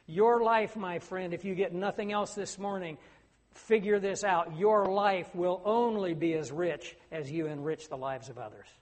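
A man's voice: sits high, a little slow. A middle-aged man preaching a sermon, earnest and rising to emphatic declamation. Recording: long hall reverb.

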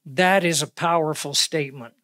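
High-voiced earnest preacher man. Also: pushed and bright, dry recording, studio quality. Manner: earnest, with slow emphatic pauses on key words. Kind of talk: sermon. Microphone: wearing a clip-on microphone.

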